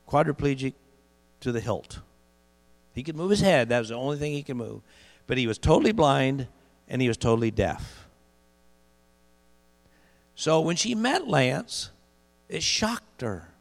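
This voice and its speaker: A middle-aged man preaching a sermon, telling a story and building to loud emphatic peaks, slowing down on key phrases. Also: on the high side, gravelly. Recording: long hall reverb with mains hum.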